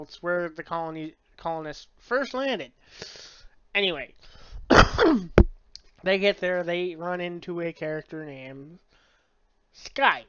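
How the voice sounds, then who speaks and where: Book reviewer, casual review, rambling, swearing, slow pace, smooth clear voice, slightly dull sound. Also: medium pitch, a bit bright, dry recording. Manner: rambling, filler-heavy, profane.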